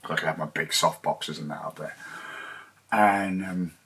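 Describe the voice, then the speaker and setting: A man's voice: a bass voice, fairly even intonation, measured pace, bright, forceful tone. A man rambling casually and swearing as he laughs at himself over lost gear at home. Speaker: livestreamer.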